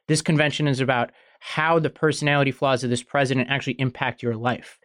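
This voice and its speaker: A man hosting a political podcast, explaining news in a measured, conversational way. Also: mid-range voice, little pitch movement, a bit bright, dry recording, clean studio sound. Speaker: podcast host.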